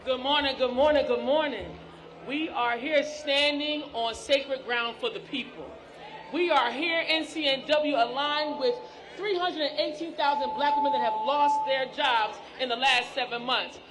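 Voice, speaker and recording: A woman's voice: sits high, moderate pace. A woman speaking emphatically at an outdoor street rally, leading chants. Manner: emphatic, declarative. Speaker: rally speaker, organization president. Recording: crowd noise at outdoor rally.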